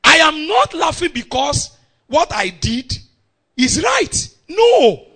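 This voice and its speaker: Nigerian preacher doing a smug rich kid, high, bright and dismissive. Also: male voice, very animated, slow, full character voice. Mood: mocking. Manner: laughing, dismissive. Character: carefree rich man's son, young, cocky.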